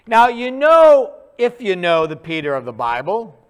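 A man preaching a sermon in a conversational, animated storytelling way, acting out quick asides. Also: sits high, clean tone.

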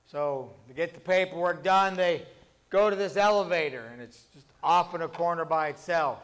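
A pastor telling humorous stories from the pulpit, his speech strung together in an easy, conversational flow. His voice sits notably high for a man. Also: moderate pace, a bit bright. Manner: conversational storytelling, many "and" links.

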